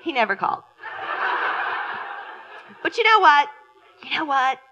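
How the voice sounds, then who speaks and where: A woman giving a storytelling keynote talk to a conference audience, theatrical and animated, swinging from loud exclamations to hushed asides. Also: sits high, a little slow, in a large hall, muffled recording, background noise. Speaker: keynote speaker. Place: conference hall before an audience.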